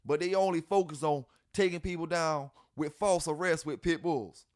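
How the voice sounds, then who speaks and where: High-voiced man ranting blunt commentary. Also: moderate pace. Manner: fired-up, blunt, swearing, repeats himself, laughs scornfully. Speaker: channel host.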